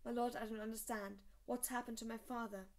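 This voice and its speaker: A woman's voice: a little high, level tone, brisk, lightly acted. A woman reading aloud, voicing an earnest, troubled young man in her own voice. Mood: upset.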